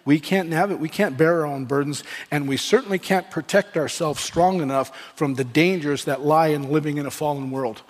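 A man's voice: on the high side, normal speed, few pauses. A man preaching a sermon as pastor, earnest, with restarts and rising emphasis. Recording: long reverb of a church hall.

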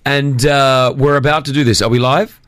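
A man's voice: medium pitch, fairly even intonation, normal speed, a bit bright, dry recording. A man hosting a live radio show from a studio, chatty and upbeat as he hands out prizes. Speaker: radio host. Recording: radio broadcast with clear music behind. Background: music.

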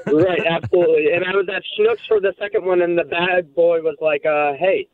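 A man calling in to a radio show, excited and rambling about a hockey win. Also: on the high side, brisk. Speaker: caller. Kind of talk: excited call-in chat. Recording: phone line.

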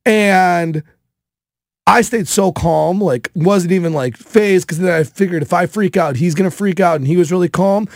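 A man in his thirties hosting a podcast, telling a casual story in an animated way, with many fillers. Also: high-pitched, normal speed, vocal fry, no echo, clean studio sound. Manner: animated, filler-heavy with frequent "like". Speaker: podcast host.

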